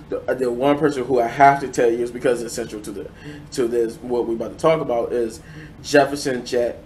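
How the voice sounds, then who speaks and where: A man talks through a review off the cuff, his voice sitting at an ordinary middle pitch. He restarts sentences often and leans on fillers, keeping a loose, conversational flow. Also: darkish tone, slight background noise. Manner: rambling, many fillers and restarts. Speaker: show reviewer. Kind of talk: casual unscripted review.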